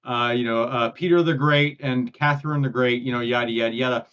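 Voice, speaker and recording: A man's voice: medium pitch, fairly even intonation, a little fast, a bit bright, clean tone, muffled recording. A man, co-hosting a casual podcast chat, rambling and tripping over his own words as he goes. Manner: rambling, stumbles and repeats words. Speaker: co-host.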